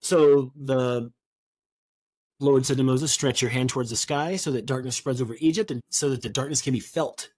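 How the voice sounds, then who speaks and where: On a podcast, a male co-host reads Bible passages aloud and then riffs on them with offhand jokes in a casual study chat. His voice sits at medium pitch with fairly even intonation and a darkish tone, spoken at normal speed with no room sound.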